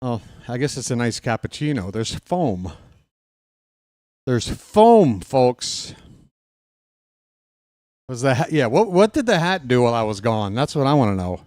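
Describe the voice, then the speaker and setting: A man's voice: medium pitch, big pitch swings, moderate pace, pauses often, a little mellow, no room sound. A man hosting a casual live-stream watch-along, chatty and joking, reading chat aloud, out of breath.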